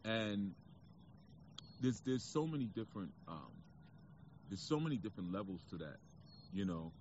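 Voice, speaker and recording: A man's voice: lowish voice, sing-song, moderate pace, a little mellow, dull audio, a little hiss or hum. A man with a New York accent giving a casual spiritual talk to camera outdoors, reflective and preachy, with frequent fillers. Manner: reflective, preachy, conversational, with frequent "you know". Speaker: spiritual speaker.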